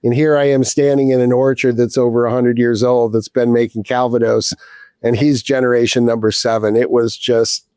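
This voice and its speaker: A man's voice: medium pitch, level tone, moderate pace, warm tone, clear, resonant tone, dry recording, clean studio sound. Rambling middle-aged man telling a story. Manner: rambling, with many restarts and casual swearing. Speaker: distiller guest. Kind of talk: casual storytelling.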